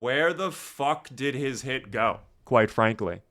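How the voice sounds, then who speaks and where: A man's voice: mid-range voice, animated, slow pace, a bit bright. Chatty young man narrating his gameplay. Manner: swears a lot, rants when angry. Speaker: gaming streamer. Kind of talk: casual gameplay commentary.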